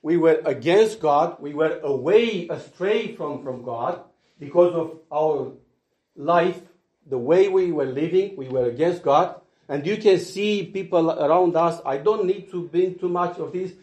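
A man preaching a sermon earnestly, swinging between loud emphasis and hushed asides. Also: a little high, measured pace, lo-fi sound. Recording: echoey room.

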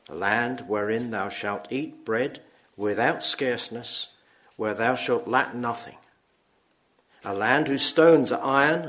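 A man's voice: mid-range voice, fairly bright tone. Solemn man reading scripture. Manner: slow, solemn reading with throat-clearing. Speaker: preacher.

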